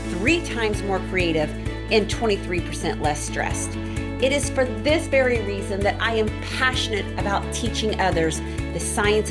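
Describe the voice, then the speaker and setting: A middle-aged woman hosting her own podcast, telling a personal story in an earnest, emphatic way. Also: medium pitch. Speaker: podcast host and keynote speaker.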